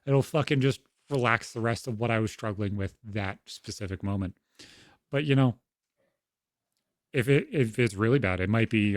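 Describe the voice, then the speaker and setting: A man's voice: on the low side, animated, normal speed, no room sound, clean studio sound. A young man on a podcast, talking frankly and swearing constantly as he tells stories from home. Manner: frank, heavy swearing, storytelling. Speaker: podcast co-host. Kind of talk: casual podcast conversation.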